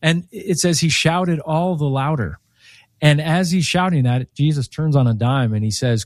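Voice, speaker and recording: A man who is an author and guest on a faith radio show, telling stories in an animated way and acting out the quoted voices. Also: fairly high pitch, moderate pace, dry recording, studio quality.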